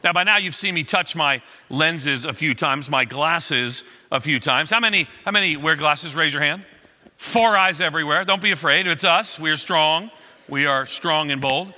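A man's voice: on the high side, normal speed, long reverb tail. A middle-aged man preaching a sermon as a pastor, telling stories with acted-out quotes. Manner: animated storytelling with acted quotes.

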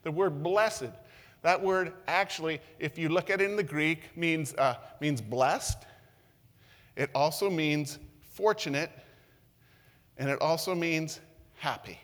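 A man preaching a sermon as pastor, earnest and repetitive, swinging from loud emphatic lines to soft, intimate ones. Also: fairly high pitch, slow pace. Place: church room with long reverb. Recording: reverberant hall sound.

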